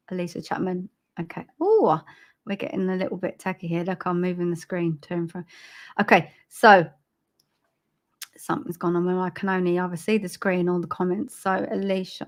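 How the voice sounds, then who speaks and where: A woman giving a live-streamed psychic reading, soft and halting, with frequent ums and repeated phrases. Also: fairly low pitch, vocal fry. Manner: laughs at herself over tech trouble. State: choked up with emotion. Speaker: psychic medium.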